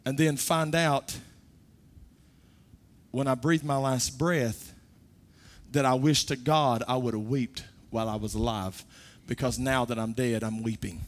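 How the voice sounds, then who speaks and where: A man preaching a sermon, moving from quiet, low talk to loud, high-pitched exhortation. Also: fairly even intonation, a little slow.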